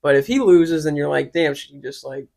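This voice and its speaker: A man co-hosting a sports podcast, chatting casually and telling animated stories about fights. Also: fairly high pitch, brisk, vocal fry. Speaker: podcast co-host.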